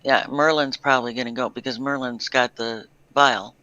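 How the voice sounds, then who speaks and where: Guy player, bright crisp voice, dry close sound, stumbles a bit at the start. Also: mid-range voice, steady tone, normal speed, no echo, highs cut off. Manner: talks in character, repeats words when starting. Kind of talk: casual tabletop play.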